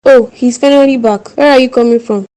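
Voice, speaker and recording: A woman plays a domineering older Nigerian mother in a cartoon, who scolds and pushes her daughter with a bossy manner. She has a dark, mellow tone at a middle pitch. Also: fairly even intonation, brisk, natural voice. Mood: indignant. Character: pushy money-minded older mother-in-law. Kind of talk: cartoon voice acting.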